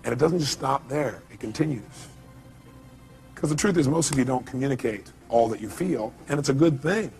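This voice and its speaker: A man's voice: mid-range voice, brisk, gravelly, darkish tone, faint music behind. A man speaking live at a seminar, emphatic and repeating his key phrases, firing questions at the audience. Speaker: motivational speaker. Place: seminar hall.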